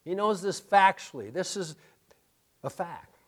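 A male pastor preaching a sermon, animated, with sarcastic asides and laughter. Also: sits high, measured pace.

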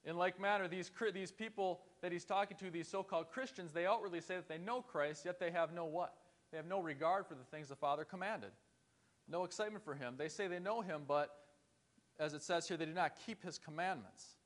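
A man preaches a sermon in a church, his voice sitting a little high for a man. He talks in an earnest, conversational way and turns to his listeners with rhetorical questions. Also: fairly quick. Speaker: pastor.

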